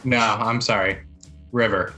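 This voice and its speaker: A man running a tabletop role-play game as game master, calling for rolls in a calm, measured way. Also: fairly low pitch, faint music behind.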